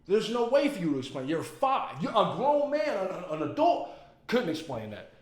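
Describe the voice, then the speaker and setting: A man giving casual, emphatic movie commentary, excitable and full of profanity. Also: high voice, normal speed. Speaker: movie reviewer. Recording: roomy echo.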